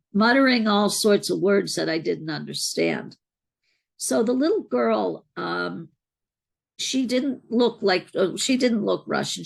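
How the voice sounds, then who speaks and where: A woman's voice: mid-range voice, vocal fry. A middle-aged woman, an interview guest, earnestly recounting a personal spiritual experience in a reflective way. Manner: earnest, reflective, unhurried storyteller.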